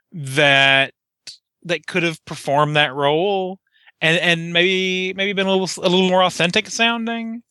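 A man's voice: high voice, pushed and bright, clean tone, no echo, clean studio sound. A man co-hosting a casual podcast chat, restarting his sentences and building to emphatic rhetorical questions. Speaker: podcast co-host.

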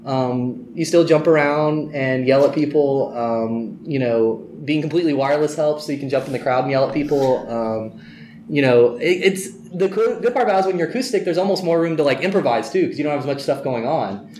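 A man's voice: a little high, fairly quick, darkish tone. Rambling young-sounding man in a roomy space. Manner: rambling, filler-heavy, laughs often. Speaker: guest musician in a band. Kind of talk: casual interview chat. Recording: roomy with faint noise.

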